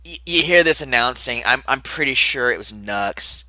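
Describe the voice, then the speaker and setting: A man's voice: mid-range voice, animated, moderate pace, bright, forceful tone, no echo. A young man recapping a wrestling show in a casual, rambling podcast style, with asides and muttered remarks.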